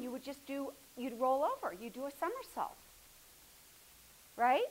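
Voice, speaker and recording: A woman's voice: high-pitched, big pitch swings, a little slow, long pauses, low-quality recording. A woman instructing a movement class hands-on, coaxing and encouraging, often dropping to a near murmur as she moves around the room.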